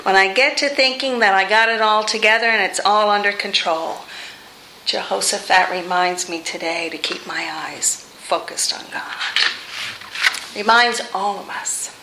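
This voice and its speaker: Woman pastor preaching in a church, bright tone, chatty and lively, roomy echo. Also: mid-range voice, a little slow, slight background noise. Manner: conversational, expressive preaching with light humor. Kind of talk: sermon. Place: church sanctuary. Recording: echoey room.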